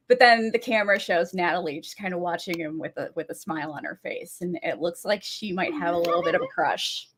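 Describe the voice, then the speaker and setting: A woman's voice: lowish voice, a little fast, few pauses, fairly bright tone. Laughing woman retelling a TV episode. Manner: narrates plot in detail, laughs often, hesitant restarts. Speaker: podcast co-host. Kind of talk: casual TV recap chat.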